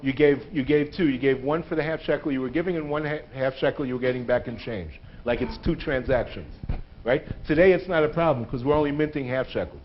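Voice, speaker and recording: A man teaching a synagogue audience, an animated storyteller who often checks in with "right?" and mixes humor into the lesson. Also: medium pitch, fairly quick. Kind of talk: lecture with humor. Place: synagogue hall. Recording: dull lo-fi livestream sound.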